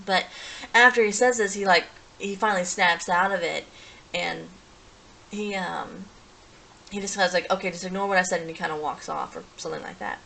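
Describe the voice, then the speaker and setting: A woman with a lowish voice recaps a story in a loose, casual way. She talks in a rambling stream, restarting sentences and filling gaps with fillers as she goes. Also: normal speed, gravelly, pushed and bright, a little hiss or hum, poor audio. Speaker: reviewer.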